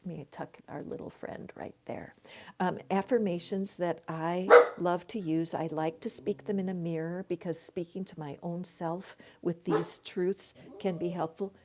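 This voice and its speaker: An older woman hosting a live tarot reading from her home, talking slowly and softly and often sinking into a whisper. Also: fairly low pitch, steady tone. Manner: soft, slow, dropping often into whispers. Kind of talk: live tarot reading, casual spiritual talk. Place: her home, with her dog nearby. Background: a dog barking at times.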